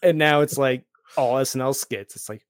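Man, podcast host, hiccups, animated, laughing, dry sound. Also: moderate pace, dry recording. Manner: animated, laughing, mimics characters in high voices. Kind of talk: casual chat.

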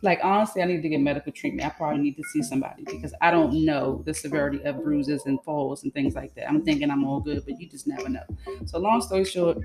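A fairly low-voiced woman venting on her podcast, frank and exasperated. She rambles through her story in loose, run-on sentences and swears freely, with music playing clearly behind her. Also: fast talker. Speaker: podcast host. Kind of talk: solo venting monologue.

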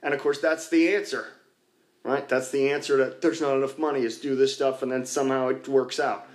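A man's voice: medium pitch, steady tone, normal speed. A man sharing candidly at a recovery meeting, rambling and poking fun at himself, with lots of "you know.". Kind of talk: candid personal talk to a group. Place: church basement.

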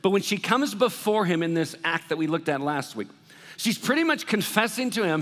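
High-voiced pastor in a reverberant hall. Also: male voice, moderate pace. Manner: conversational, animated, acts out worried voices. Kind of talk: sermon. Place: church hall. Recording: long reverb of a large hall.

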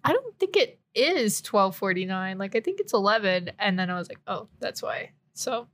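A woman in her twenties co-hosting a podcast, telling stories in a relaxed, wry way. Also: medium pitch, moderate pace. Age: 20s. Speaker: podcast co-host. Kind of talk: casual chat.

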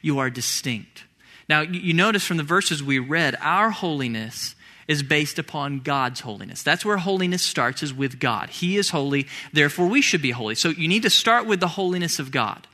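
Man, pastor, church sermon, fairly high voice, earnest, slows down for scripture readings. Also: lively intonation, pushed and bright. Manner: earnest, reads scripture aloud with slowed emphasis.

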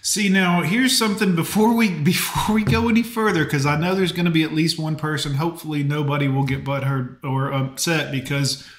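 A man's voice: a little high, steady tone, a little fast, few pauses, echoey room. A man hosting a live stream, talking casually and rambling with plenty of fillers. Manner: chatty, rambling, lots of fillers. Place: home.

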